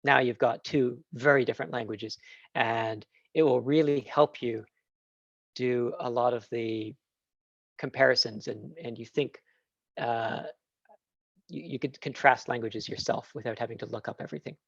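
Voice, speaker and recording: Gravelly man enthusing on a video call. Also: medium pitch, fairly even intonation, moderate pace, a bit bright, dry recording, muffled recording. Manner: enthusiastic, rambling with fillers. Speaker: guest speaker. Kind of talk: casual Q&A answer.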